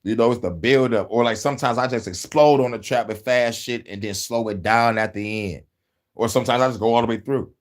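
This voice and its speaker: A man's voice: medium pitch, fairly quick. A man hosting casual podcast talk, boastful and profane, breaking into laughter often. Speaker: host.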